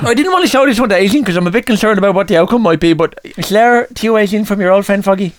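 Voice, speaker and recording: A man's voice: high-pitched, racing. A man co-hosting a comedy radio show, heckling and joking in rowdy banter. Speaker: radio co-host.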